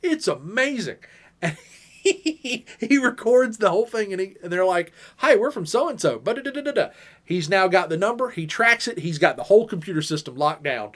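A man co-hosting a podcast, telling stories in a lively, casual way and acting out the people he quotes. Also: high voice, moderate pace. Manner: animated, acts out quoted voices, laughs often. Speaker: podcast co-host. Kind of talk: casual storytelling chat.

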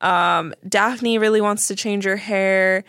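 Woman, young adult, podcast co-host, relaxed chatty manner, dry close studio mic. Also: mid-range voice, slow pace, clean tone, no room sound. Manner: relaxed, chatty, recounting episodes with small fillers. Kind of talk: casual chat. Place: recording studio.

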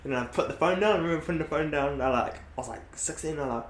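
A man's voice: a little high, very fast. A young man in his late teens with a New Zealand accent, chatting casually as a guest and telling stories with lots of filler words. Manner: laid-back, heavy filler words. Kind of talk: casual chat. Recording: echoey room with faint hiss.

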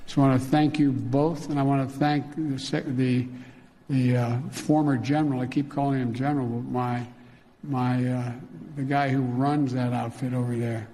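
A male politician giving a speech from a podium, halting and often losing his words. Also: mid-range voice, little pitch movement, warm tone. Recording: echoey hall.

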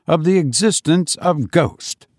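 A man reading a story aloud, voicing a fussy, comfort-loving gentleman who grumbles wryly. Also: fairly high pitch, lively intonation, measured pace, no room sound, clean studio sound, voice pushed up. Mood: grumbling. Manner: grumbling, wry. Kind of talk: audiobook character voice.

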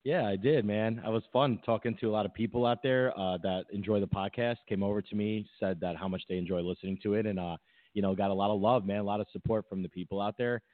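With a fairly low, fairly even voice, this man talks fast as he co-hosts a podcast and spins a meandering story packed with fillers and restarts. The sound is dry and tinny, like a phone line.

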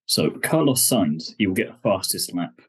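Deep husky man, casual podcast banter. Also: lively intonation, normal speed. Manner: joking, teasing, rambling. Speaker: podcast co-host. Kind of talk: casual chat.

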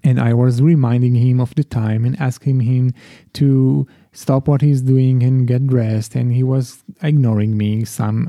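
A middle-aged man hosts a solo podcast in a reflective, confessional manner, often restarting his sentences. His voice is deeply dark and mellow. The sound is dry, with no room around it. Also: no room sound. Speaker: podcast host. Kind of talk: solo parenting podcast monologue.

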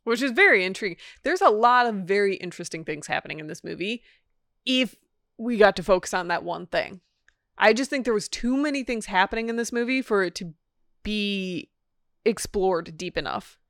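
In a dry, studio-quality recording, a woman co-hosting a podcast chats casually about a movie at a moderate pace. Her medium-pitched voice is animated and a bit bright, and she rambles, laughing self-deprecatingly at her own confusion.

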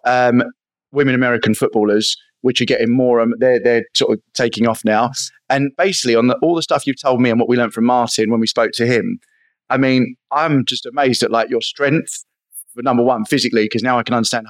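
A man's voice: medium pitch, fairly even intonation, brisk, no room sound. A man co-hosting a podcast, chatting loosely and tagging his points with "right?". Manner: chatty, tags lines with "right?". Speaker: podcast co-host. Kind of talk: casual podcast chat.

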